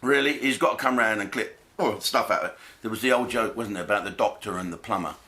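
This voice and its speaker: A man's voice: lowish voice, fast talker, bright, forceful tone. A man, doing a blokey, jokey comic monologue full of swearing and asides. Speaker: comedian host.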